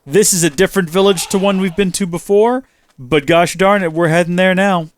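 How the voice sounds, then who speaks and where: A man's voice: high-pitched, fairly quick. A man hosting a gaming channel, giving let's play commentary and exclaiming and talking to himself as he plays. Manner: animated, exclaims and talks to himself while playing.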